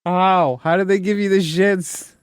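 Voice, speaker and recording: A man's voice: high voice, steady tone, a little slow, clean tone, no room sound, clean studio sound. A man co-hosting a podcast, reacting to a TV show in an incredulous, amused way. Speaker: podcast co-host. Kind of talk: casual chat.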